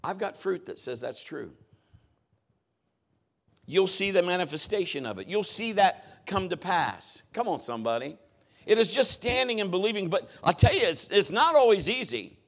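A man's voice: sits high, big pitch swings, normal speed. A middle-aged man preaching a sermon as a pastor, talking in a conversational, folksy way with joking asides.

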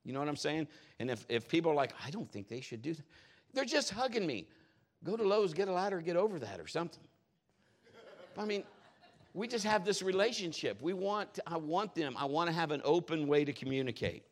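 A middle-aged man preaching a humorous sermon in a church, animated and jokey, laughing often and swinging between loud and soft. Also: fairly high pitch, brisk. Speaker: pastor.

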